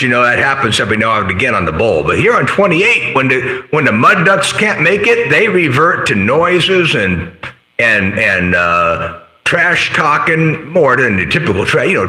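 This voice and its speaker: Rambling CB radio man, animated. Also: mid-range voice, echoey room. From central coast of California. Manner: rambling, full of CB slang and sign-offs. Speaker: CB radio operator hosting a live stream. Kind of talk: casual radio chat.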